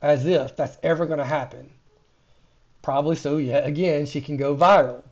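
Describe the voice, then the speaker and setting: A man's voice: on the high side, steady tone, moderate pace, highs cut off. A man hosting a reaction video, talking casually and with disbelief. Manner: casual and incredulous, drifting quieter. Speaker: commentary host. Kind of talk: reaction commentary.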